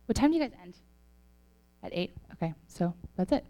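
A woman's voice: lowish voice, very animated, fairly quick, dark tone. A woman leading a youth group with a casual faith talk, chatty and full of "like" and "right?".

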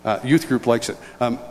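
A man's voice: mid-range voice, a little slow. Older guy preaching, personal story, chuckles and stumbles a bit, long echo off the hall. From upstate New York. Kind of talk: sermon storytelling.

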